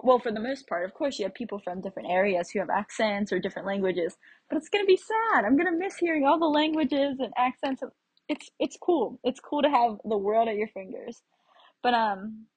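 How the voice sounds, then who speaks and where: Young American woman, travel vlogger telling a casual story, slightly husky voice, dry close sound. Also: a little high, no echo, low-quality recording. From United States. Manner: chatty, rambling with fillers and restarts.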